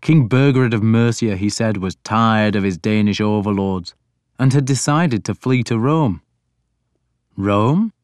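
A man giving a deliberate, even first-person audiobook narration. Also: fairly low pitch, dry recording, studio quality.

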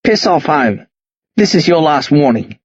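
A gruff, hungover country police sergeant voiced by a male narrator tears into two kids in a hoarse, raised bark. The voice sits high and husky as it rises in anger. It comes from a dry, somewhat dull audiobook recording. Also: very animated, unhurried, no room sound, full character voice. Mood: threatening. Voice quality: hoarse, barking. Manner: berating, threatening, voice rising steadily.

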